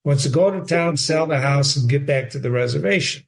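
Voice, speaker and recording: A man's voice: on the high side, a little fast, gravelly. An older man hosting a reading show, giving an informal, rambling lecture on literature and addressing himself by name as he goes. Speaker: host.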